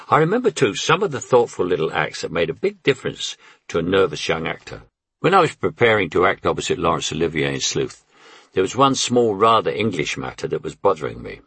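A man's voice: deep voice, sing-song, a little fast, creaky, a bit bright, breathy edge, no echo. An older man narrating his memoir with wry, anecdotal storytelling.

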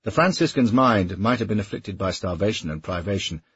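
A man narrating a historical novel in a steady, measured audiobook reading. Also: lowish voice, husky, no echo, lo-fi sound.

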